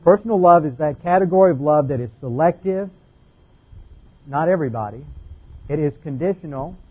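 A man's voice: fairly high pitch, lively intonation, brisk, slightly rough, narrow, tinny audio. A man preaching a methodical doctrinal Bible lesson, laying out numbered points and careful definitions.

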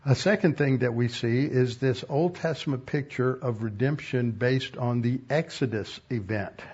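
A man's voice: mid-range voice, husky, highs cut off. A man teaching a Bible lesson, explaining word meanings with frequent restarts. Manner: explanatory, pauses and restarts words.

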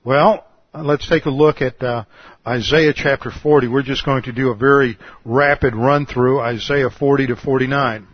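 A man preaching an expository sermon, teaching in a measured, emphatic way and posing rhetorical questions. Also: mid-range voice, steady tone, no echo, muffled recording. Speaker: pastor.

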